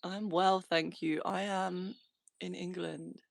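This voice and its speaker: A woman's voice: lowish voice, little pitch movement, takes it slowly, creaky, dry recording, clean studio sound. A woman in her thirties hosting a casual live chat from a small converted shed, reading viewer comments aloud and laughing often. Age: 30s. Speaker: livestream host.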